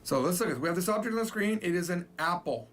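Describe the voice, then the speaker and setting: A man teaching a recorded language lesson, explaining patiently and slowly repeating example phrases. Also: high-pitched, expressive, fairly bright tone.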